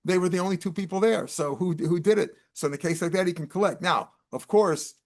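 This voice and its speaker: A man's voice: high voice, fairly quick. An older man, teaching Talmud line by line and translating each Aramaic phrase into casual English. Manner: explains Aramaic terms in casual American English, with restarts.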